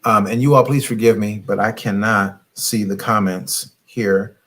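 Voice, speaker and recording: A middle-aged man coaching on relationships in a late-night live stream, animated and preachy, scolding his viewers playfully and laughing often. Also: fairly low pitch, unhurried. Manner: fumbles with his phone while reading comments.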